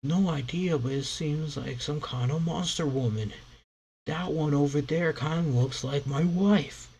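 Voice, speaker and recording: A man voicing a rowdy grown male ship crewman, a henpecked husband, with gruff, blustering delivery. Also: fairly high pitch, a little slow, a little mellow, a little hiss or hum, voice pushed up.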